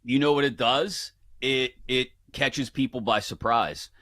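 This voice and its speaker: A man, a guest on a casual sports betting show, telling playful animated stories. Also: mid-range voice, a little slow.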